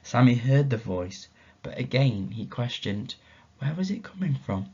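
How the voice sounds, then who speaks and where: Expressive storytelling male teacher, muffled. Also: medium pitch, measured pace, husky. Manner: expressive, asks the children questions. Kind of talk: storytelling at a school assembly. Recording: dull, muffled lo-fi recording.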